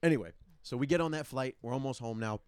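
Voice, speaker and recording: A young man, co-hosting a casual podcast and telling a story in a profane, animated way. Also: mid-range voice, quick pace, clean tone, dry recording, clean studio sound. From New York. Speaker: podcast co-host.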